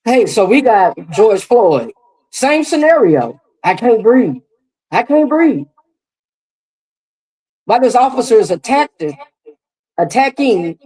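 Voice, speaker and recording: A woman's voice: mid-range voice, warm tone, poor audio. A woman hosting live reaction commentary, emphatic and repetitive, speaking straight to her viewers. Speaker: commentary host.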